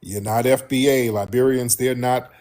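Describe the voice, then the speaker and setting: A man hosting a show, talking straight to his listeners in a blunt, animated way and often repeating himself. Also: mid-range voice, moderate pace. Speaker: host. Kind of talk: casual monologue to listeners.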